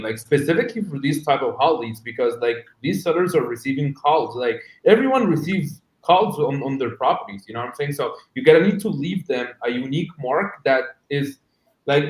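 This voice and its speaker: A man's voice: a little high, echoey room, poor audio. A man from Egypt, chatting as a guest salesman on a video call in a loose, filler-heavy way. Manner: loose, filler-heavy, says "you know what I'm saying". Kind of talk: casual chat on a video call.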